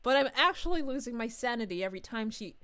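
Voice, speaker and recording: A woman's voice: a little high, lively intonation, fast, sharp tone, smooth. A woman voicing a bubbly, giggly young princess as a VTuber, reading chat aloud on a livestream with gushing chatter. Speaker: VTuber streamer.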